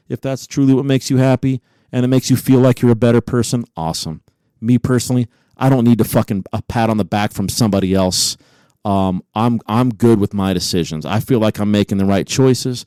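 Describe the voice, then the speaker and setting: A man's voice: lowish voice, fairly quick, mellow, clear, resonant tone, no room sound, rough recording. A man co-hosting a podcast in casual chat, swearing often and getting heated as he rants. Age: adult with a son. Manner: profane, heated rant. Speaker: podcast co-host.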